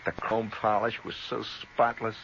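Male radio storyteller with a lowish voice, rambling and chatty. Old, slightly muffled radio sound. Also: monotone, a little slow, gravelly, fairly bright tone. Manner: conversational, full of asides and tag questions. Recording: slightly dull old radio recording, faint hiss.

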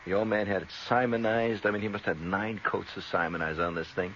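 A man spins a lengthy, rambling tale on the radio, full of asides and tag questions, speaking briskly in a lowish, somewhat bright voice with fairly even intonation. The old recording is a little dull and carries faint hiss.

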